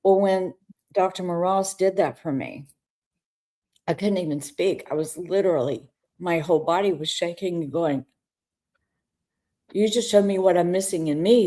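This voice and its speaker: A woman's voice: fairly low pitch, normal speed, pauses often, mellow. A woman co-hosting a talk show, candidly telling an emotional personal story in conversation. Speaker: co-host.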